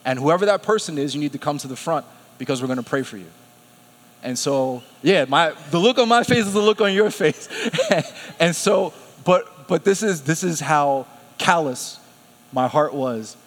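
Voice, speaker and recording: A man delivering a sermon in a church, animated and storytelling, breaking into laughter as he quotes himself. His voice sits a bit high for a man. The long reverb of a big hall trails after his words. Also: normal speed. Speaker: preacher. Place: church sanctuary.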